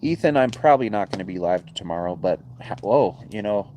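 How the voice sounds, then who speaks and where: Laid-back low-voiced man chatting outdoors. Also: expressive, brisk, a little mellow, a little hiss or hum. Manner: easygoing, rambling, chuckles often. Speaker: livestream host. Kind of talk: casual livestream chat. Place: outdoor backyard by a bonfire. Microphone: phone.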